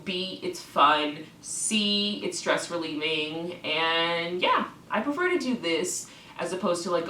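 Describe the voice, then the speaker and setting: Woman vlogger, heated sweary rant to camera; sharp bright voice, echoey room. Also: deep voice, distant mic, a little hiss or hum. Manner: swaps words for cl- puns. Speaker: clown-persona vlogger. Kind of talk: ranting vlog to camera. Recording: echoey room, away from the mic.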